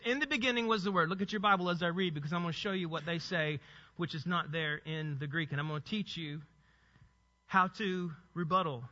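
A man preaching a sermon as pastor, explaining a point with emphatic stresses and sudden low asides. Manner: emphatic teaching, swinging between loud stresses and low asides. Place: church sanctuary. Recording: long hall reverb, dull sound.

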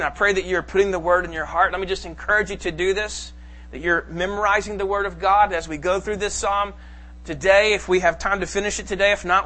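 A man preaching a sermon to a congregation, reading scripture slowly and with emphasis. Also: high voice, sharp tone. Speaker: pastor. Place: church sanctuary.

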